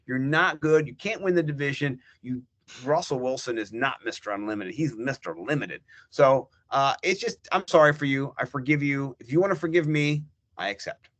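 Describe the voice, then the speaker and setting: A middle-aged man, a fantasy football guest on a podcast, ranting in animated, profane casual chat. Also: medium pitch, normal speed.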